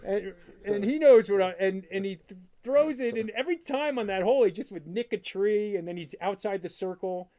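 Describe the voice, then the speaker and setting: A middle-aged man, a father, telling a story as a guest in a casual interview, animated and full of "like" fillers, acting out what he said. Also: high voice. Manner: animated, quick storyteller, full of "like" fillers, acts out his own past lines. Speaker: guest, father of a disc golf player.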